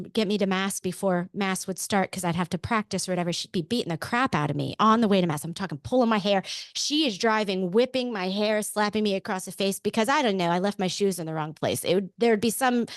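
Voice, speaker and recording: A woman from Pennsylvania, in her thirties, telling her own story as a podcast guest. Her delivery is animated and candid, with a mid-pitched voice recorded very dry and close. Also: no echo. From Pennsylvania, USA. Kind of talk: casual interview storytelling.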